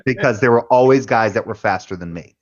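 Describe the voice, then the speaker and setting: A military veteran on a panel tells rambling stories in casual chat, swearing freely. His voice is on the low side and fairly quick, and the highs are cut off.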